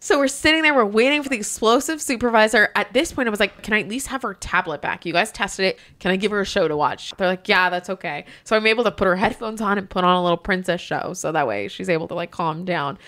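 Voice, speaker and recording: Casting: animated woman podcast host in her thirties, bright tone, laughs a lot while storytelling. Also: medium pitch, fast talker, few pauses. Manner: animated, acts out quotes, laughs often. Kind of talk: casual storytelling chat.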